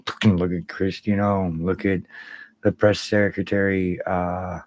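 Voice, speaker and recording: A man's voice: sits low, little pitch movement, unhurried, a little mellow, poor audio. A man hosting a casual livestream, rambling and swearing freely while greeting viewers by name. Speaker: livestream host.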